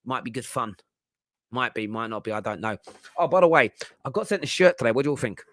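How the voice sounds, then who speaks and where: A man's voice: mid-range voice, animated, fast, no echo. A man hosts a casual chat show. His talk is loose and rambling, full of asides and easy laughs. The sound is close and dry. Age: 30s. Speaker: host.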